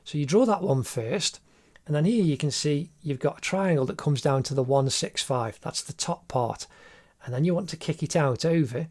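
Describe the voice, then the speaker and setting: A man with a slightly high, somewhat mellow voice speaks at a normal pace. He's an art teacher recording a voice-over as he draws, guiding viewers through the tutorial step by step with encouragement.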